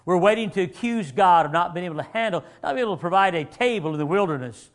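A man preaching a sermon, animated and acting out the voices he quotes, sometimes rising to shouts. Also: sits high, fast.

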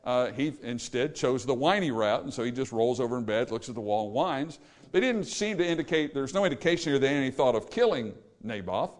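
A man's voice: mid-range voice, expressive, a little fast. Blunt folksy preacher man. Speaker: pastor. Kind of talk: sermon.

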